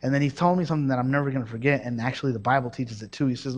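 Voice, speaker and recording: A young man from Mexico preaching a sermon, energetic and storytelling, with restarts and asides to the congregation. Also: medium pitch, very fast, hardly any pauses.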